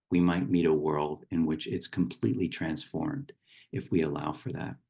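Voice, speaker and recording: Middle-aged man, meditation teacher; very low, gravelly voice, gentle and unhurried. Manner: gentle, unhurried, with small restarts. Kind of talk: reflective spoken talk.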